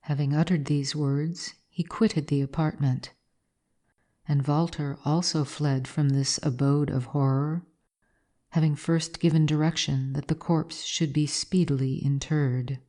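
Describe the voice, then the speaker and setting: A woman reading an old gothic tale aloud in slow, measured narration. Her voice sits low and mellow. She takes her time over each phrase. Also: fairly even intonation. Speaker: reader.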